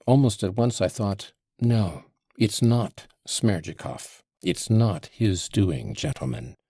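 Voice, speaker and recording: A man's voice: on the low side, expressive, slow, gravelly, warm tone, husky, no room sound, studio quality, full character voice. A man voicing an agitated, passionate accused man in an audiobook, with heated, emphatic outbursts. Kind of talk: audiobook character voice.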